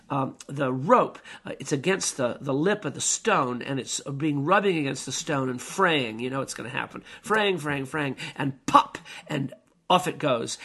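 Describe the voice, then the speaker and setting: Older male storyteller, vivid and reminiscing, bright, pushed tone. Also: medium pitch, gravelly, husky. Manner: reminiscent, vivid, acts out scenes. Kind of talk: personal storytelling.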